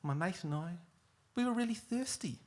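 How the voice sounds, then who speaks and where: A man puts on a sheepish young defendant, all deference and "sir" in every answer. The voice is pitched well above his own and takes on an unfamiliar, strained tone. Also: lively intonation, normal speed. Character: meek, overly polite young man in the dock.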